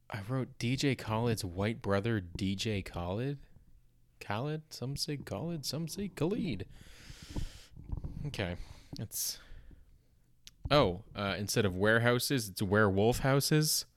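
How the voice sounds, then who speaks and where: A man's voice: on the low side, animated, slow pace, pauses often. A young Canadian man with a Canadian accent hosting a comedy podcast, rambling through old notes with lots of fillers, restarts and self-deprecating asides. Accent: Canadian English. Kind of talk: casual rambling comedy monologue.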